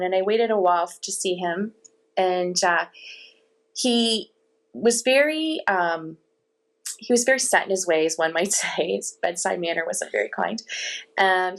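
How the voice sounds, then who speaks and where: A middle-aged woman telling her story as an interview guest, animated, laughing now and then and acting out what others said. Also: lowish voice. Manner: animated, with laughs and quoted dialogue. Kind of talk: casual storytelling.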